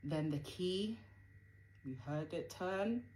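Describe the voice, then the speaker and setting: A woman's voice: fairly low pitch, lively intonation, slow pace, a little mellow, slight background noise, rough recording. A woman telling a personal story in a casual, conversational way, full of fillers. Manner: conversational, frequent fillers, acts out quoted dialogue.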